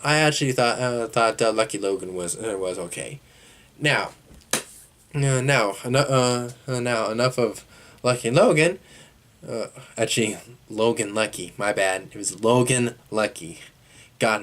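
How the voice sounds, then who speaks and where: A young man talks through a movie review with no script and an ordinary mid-range voice. He rambles, halts and restarts his sentences often, leaning on fillers like "uh" and "like" as he works out what he thinks. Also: medium pitch. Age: young adult. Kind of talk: casual unscripted movie review.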